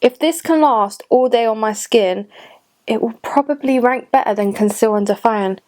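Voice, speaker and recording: Sitting at a cluttered desk in her home, a woman in her late twenties walks through a makeup tutorial as a beauty vlogger, casually gushing and talking to herself. She speaks at a moderate pace in a fairly high voice with a dark tone.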